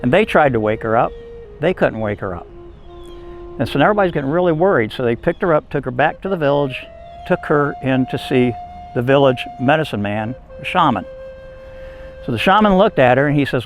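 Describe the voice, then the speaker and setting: A man's voice: medium pitch, animated, fast, faint music behind. A man telling a folk tale aloud in a casual, folksy manner, with small restarts along the way. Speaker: storyteller.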